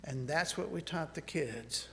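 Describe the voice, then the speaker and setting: Slow, gravelly preacher man in a hall. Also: a little high, sharp tone, a little hiss or hum. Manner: earnest, halting, repeats words when restarting. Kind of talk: sermon with personal storytelling.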